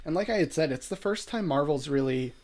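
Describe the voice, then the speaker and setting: A man co-hosting a casual chat, talking in a relaxed way with frequent fillers. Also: fairly high pitch, a little fast. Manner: relaxed, conversational, many fillers. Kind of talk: casual chat reviewing a TV episode.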